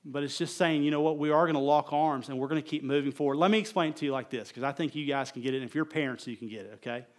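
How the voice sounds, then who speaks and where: A middle-aged man preaching a conversational sermon as pastor, telling stories animatedly and swinging between loud emphasis and quiet asides. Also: a little high, rapid-fire, hardly any pauses.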